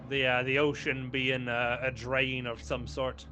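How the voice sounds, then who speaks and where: A man's voice: mid-range voice, flat delivery, unhurried, sharp tone, faint music behind. A man playing a dismissive, sarcastic male ship captain.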